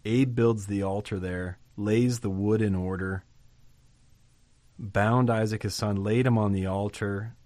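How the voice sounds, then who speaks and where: Guy preaching on a bible passage, lowish voice, reads verses then chats about them, dry close sound. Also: fairly even intonation, a little slow, darkish tone, no room sound. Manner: reads scripture aloud, then comments conversationally with asides.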